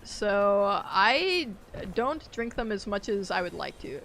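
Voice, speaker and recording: A woman's voice: mid-range voice, animated, slow pace, fairly bright tone, faint music behind. A woman chatting casually on a game live stream, rambling, laughing often and reacting aloud to the game. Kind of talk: casual live-stream chat while gaming.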